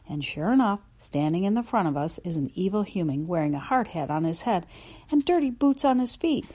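With a medium-pitched voice and a fairly quick pace, a woman narrates a children's audiobook. She speaks as a dog in the first person, telling the story with lively expressiveness.

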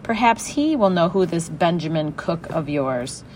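A woman voicing an officious, muddled phone clerk in a storybook, speaking slowly and precisely. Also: fairly low pitch, expressive, darkish tone, a little hiss or hum. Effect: heard over a telephone in the story.

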